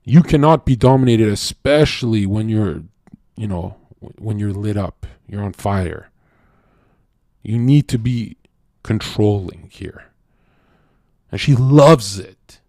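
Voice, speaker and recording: A man's voice: fairly low pitch, lively intonation, slow pace, pauses often, darkish tone, dry recording, studio quality. Brash profane man ranting to chat. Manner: brash, profane and heated, lecturing. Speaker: streamer. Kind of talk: livestream rant to chat.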